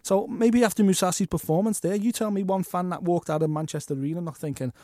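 A man co-hosting a sports podcast, talking in a fast, animated and opinionated way. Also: sits high, no echo, clean studio sound. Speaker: podcast co-host. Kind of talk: casual sports chat.

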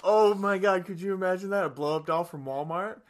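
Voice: mid-range voice, brisk. A co-host in casual comedic chat, teasing and laughing, feeding jokes with questions.

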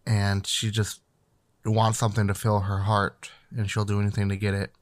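A man's voice: on the low side, monotone, normal speed, dry recording. A man casually retelling a film's plot in a rambling, loose way, with fillers and profanity. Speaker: co-host recapping a film. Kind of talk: casual chat.

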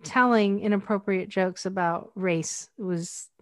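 A woman's voice: medium pitch, slow pace, no room sound, clean studio sound. A woman from Northwestern Pennsylvania hosting a casual interview, telling stories in a chatty way and laughing easily. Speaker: podcast host.

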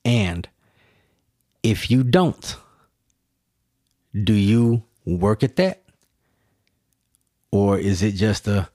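Guy rambling to himself on his podcast, swears a lot, lowish voice, dry close sound. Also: very slow, long pauses, warm tone, dry recording. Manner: rambling, profane, rhetorical questions. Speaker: podcast host. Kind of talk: casual solo monologue.

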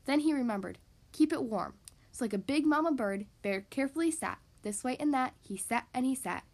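A woman hosting a podcast, reading a picture book aloud to young children in an animated, sing-song way. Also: sits high, a little fast. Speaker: podcast host reading to kids. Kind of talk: children's storybook read-aloud.

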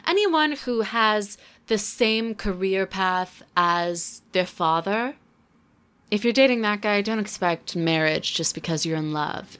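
A woman in her twenties reviewing a book in casual commentary, with sarcastic deadpan asides. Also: mid-range voice.

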